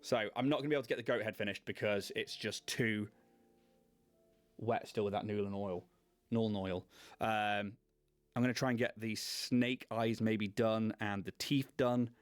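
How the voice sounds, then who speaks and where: A man's voice: on the low side, fairly even intonation, normal speed, soft background music. Chatty self-mocking man hosting. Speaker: host. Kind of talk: casual chat while painting miniatures on a livestream.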